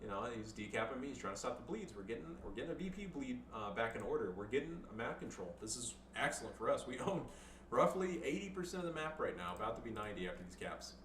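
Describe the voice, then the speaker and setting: A man with a bright, edgy voice talks through his own match in fast, jokey, foul-mouthed game commentary, swinging from calm calls into excited outbursts. He sits a little back from the mic in a roomy, echoing space, with a faint hiss under him. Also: mid-range voice, recorded from a distance. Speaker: gameplay commentator.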